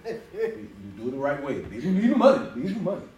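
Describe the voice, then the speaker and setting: Lively laughing preacher in a roomy hall. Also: male voice, on the high side, fast talker, crowd noise. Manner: lively, laughing, acts out quoted voices. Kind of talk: conversational sermon. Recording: roomy echo from a distance, faint ambience.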